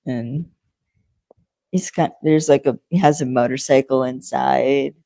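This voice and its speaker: A woman's voice: extremely low pitch, fairly even intonation, unhurried, creaky, mellow, no room sound, rough recording. A young woman co-hosting a podcast, retelling a TV episode's plot in a rambling, chatty way with frequent fillers. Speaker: podcast co-host. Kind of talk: casual episode recap chat.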